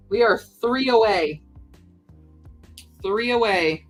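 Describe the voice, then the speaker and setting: A young woman with a slightly low voice chats easily on a live stream, reading out viewer messages between remarks on her project. Quiet music plays underneath her. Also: lively intonation, moderate pace, long pauses, rough recording. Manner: chatty, reads chat aloud, talks while crafting. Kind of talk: casual live-stream chat.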